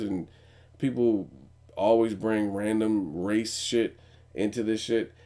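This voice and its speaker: A man's voice: on the low side, warm tone. A young man giving a blunt, profane, opinionated commentary as a vlogger host. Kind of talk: casual news commentary.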